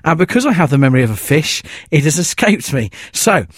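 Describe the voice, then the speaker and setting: A man with a fairly high voice presenting a radio podcast intro. He talks in a chatty, self-mocking way, and the sound is dry and close to the mic. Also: very animated, brisk, husky, no echo.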